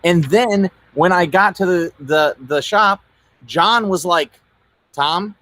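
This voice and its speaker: A man co-hosting a casual chat, rambling in a relaxed, slangy way. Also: high-pitched, takes it slowly, no echo. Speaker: co-host.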